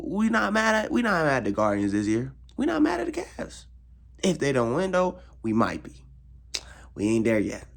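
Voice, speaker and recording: A young man, a frustrated football fan, ranting in casual slang, repeating himself and swinging his voice high in exasperation. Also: creaky. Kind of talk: casual rant.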